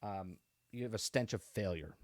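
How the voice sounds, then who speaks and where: A man's voice: fairly low pitch, normal speed, darkish tone, no echo, studio quality. A man hosting a podcast, giving a casual, rambling review of a TV episode with sarcastic asides and frequent restarts. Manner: rambling, sarcastic, with repeated restarts and "okay?" tags. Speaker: podcast host reviewing a show.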